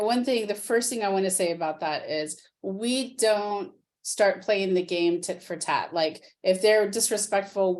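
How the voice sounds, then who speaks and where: A woman parenting coach answering questions in a calm, earnest way, acting out parents and teens in quick quotes. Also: medium pitch. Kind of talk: interview answers.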